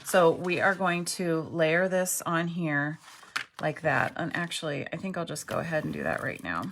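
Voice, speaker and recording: A woman's voice: deep voice, moderate pace, a bit bright, a little hiss or hum. A middle-aged woman teaching a card-making craft tutorial, chatty and self-deprecating, often checking in with "okay". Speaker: craft instructor.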